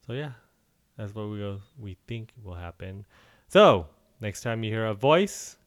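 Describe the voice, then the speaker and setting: A man's voice: fairly low pitch, animated, unhurried. A man co-hosting a podcast. He chats casually and jokingly about a film, rambling and laughing as he goes. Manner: rambling, jokey, breaks into laughs and silly noises. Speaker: podcast co-host. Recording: faint film soundtrack playing behind.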